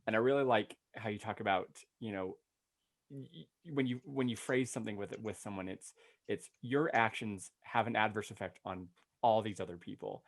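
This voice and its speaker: A man co-hosting a casual interview, talking in a relaxed, halting way with restarts. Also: on the low side. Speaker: co-host.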